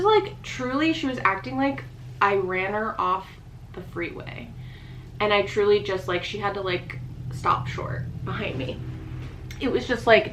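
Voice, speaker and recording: A woman vlogger telling a personal story in a casual, rapid style, full of "like" fillers. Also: medium pitch, fairly bright tone, a little hiss or hum, low-quality recording.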